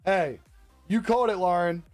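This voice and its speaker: A man's voice: high-pitched, no echo. A young man on a live stream chatting casually with viewers, laid-back and joking, swearing freely and laughing often. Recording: dry close-mic with faint music behind.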